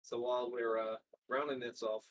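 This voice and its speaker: A man's voice: mid-range voice, flat delivery, moderate pace, slight background noise. A young man chatting casually to a live stream while he cooks, rambling and slangy, swearing and trailing off mid-sentence, sometimes stepping away from the mic. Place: home kitchen.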